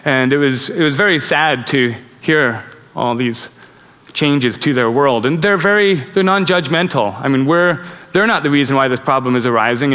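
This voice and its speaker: A middle-aged man giving a conference talk, telling travel stories in an animated way and chuckling at his own tales, heard on a stage microphone in a large auditorium. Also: medium pitch. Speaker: conference speaker. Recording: auditorium reverb.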